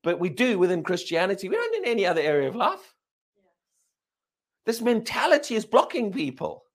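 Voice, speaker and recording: Animated high-voiced male preacher. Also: brisk. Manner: animated, questioning the congregation. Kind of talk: sermon. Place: church service.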